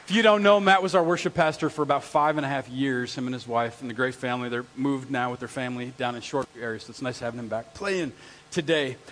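A man's voice: mid-range voice, fast, a little hiss or hum. A man in his forties preaching a sermon in a church, telling stories with acted-out sounds and voices. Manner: animated storyteller, acts out sounds and voices. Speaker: pastor. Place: church sanctuary. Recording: long hall reverb.

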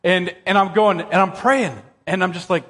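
High, lively preacher in a big hall. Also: male voice, normal speed. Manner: animated, excitable storyteller who jumps to high exclamations. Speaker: pastor. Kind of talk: sermon with personal storytelling. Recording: long reverb of a church hall.

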